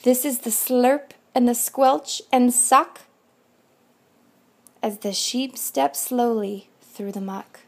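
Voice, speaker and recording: High-voiced woman slowly reading a picture book. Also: vocal fry. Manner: slow, rhythmic and expressive. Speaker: volunteer reader.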